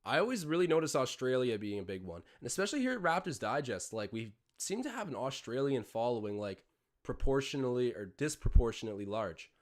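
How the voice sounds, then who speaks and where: A man's voice: medium pitch, big pitch swings, fairly quick. Chatty young man calling a game live. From Canada. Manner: rambling, chatty, jumps between play-by-play and tangents. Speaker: live-stream host. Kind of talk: casual live watch-along commentary.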